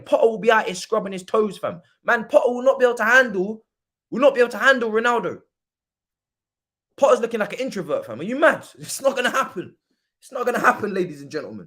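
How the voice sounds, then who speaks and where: A young man hosting a football watchalong stream, talking casually in slang and breaking into loud mock-outraged rants. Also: sits high. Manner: laid-back football opinions. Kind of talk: casual livestream chat.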